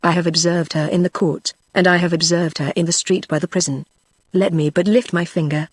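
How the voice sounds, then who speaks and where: A woman's voice: fairly low pitch, a little fast, slightly rough, no echo. Stern wine-shop keeper woman, in a British synthetic voice. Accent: British English. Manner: flat synthetic delivery with little acting. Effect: synthetic text-to-speech voice.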